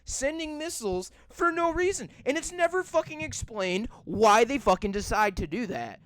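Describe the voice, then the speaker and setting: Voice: mid-range voice, animated, moderate pace, a bit bright, no echo. Profane ranting podcast host, dry close mic. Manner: ranting, profane, rambling with many fillers. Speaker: podcast host reviewing movies. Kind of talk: casual podcast rant.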